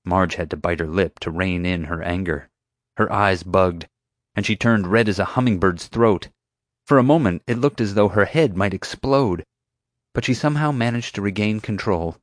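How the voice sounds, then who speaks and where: A man narrating an audiobook with expressive, storytelling delivery. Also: deep voice, normal speed, no echo, studio quality.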